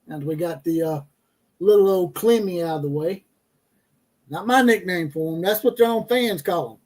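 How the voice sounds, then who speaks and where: A man's voice: high-pitched, moderate pace, a little mellow. A man hosting a casual college football livestream, mocking teams and players with profane jokes, reading out chat comments and laughing at his own lines.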